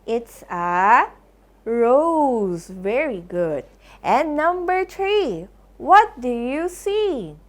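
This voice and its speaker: A woman teaching a slow phonics lesson to young children, sounding out letters and praising often. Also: a little high, very animated. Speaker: kindergarten English teacher.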